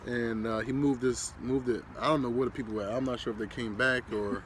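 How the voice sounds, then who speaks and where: A man's voice: mid-range voice, a little fast, very noisy. Laid-back young man telling a story. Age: young adult. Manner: relaxed, animated retelling with laughs and slang. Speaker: vlogger, husband. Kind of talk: casual storytelling chat.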